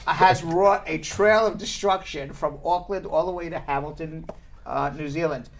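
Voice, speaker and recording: A man's voice: a little high, normal speed. A man hosting a talk show, telling news stories in a casual, laughing way. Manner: laughing, animated storytelling. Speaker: show host.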